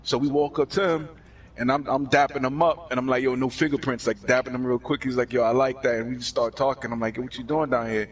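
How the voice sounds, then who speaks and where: A man from Brooklyn, telling a story in slang with lively quoted voices. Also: medium pitch, fast, far from the mic. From Brooklyn, New York. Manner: streetwise slang, lively quoting. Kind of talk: casual storytelling chat.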